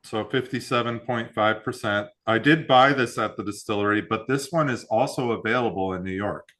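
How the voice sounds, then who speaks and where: A man's voice: on the low side, normal speed. A man hosting a whiskey club tasting, chatting casually and reading out mash bills and proofs. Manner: relaxed, reads out mash bills and tasting notes.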